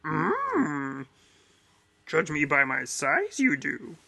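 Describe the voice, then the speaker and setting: A man doing comic impressions of famous puppet characters, mostly high and squealing. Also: wildly swooping pitch, very slow, vocal fry, bright, forceful tone, husky, heavily acted. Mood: wise.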